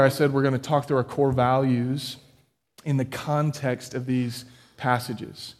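A man preaching a sermon as pastor, building emphatically to loud peaks and dropping low again, putting questions straight to his listeners. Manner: addresses listeners directly with questions.

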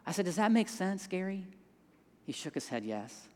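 A man telling a story in a sermon, dropping to hushed tones in quiet moments and rising when he stresses a point. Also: sits high, sing-song, moderate pace. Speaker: pastor. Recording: long hall reverb.

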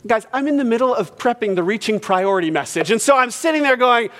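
A pastor telling a story in a sermon, acting out quotes and swinging from hushed to loud. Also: male voice, high voice, lively intonation, fast, few pauses. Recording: church hall reverb.

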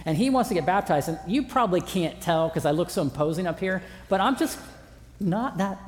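A man's voice: sits high, lively intonation, fast talker, soft background music. A man preaching a sermon as pastor in a large church auditorium, conversational with self-deprecating humor. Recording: long hall reverb.

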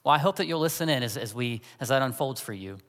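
A man's voice: mid-range voice, lively intonation, fast, a bit bright, long reverb tail. A man in his forties preaching a sermon as a pastor, talking in a conversational, storytelling way.

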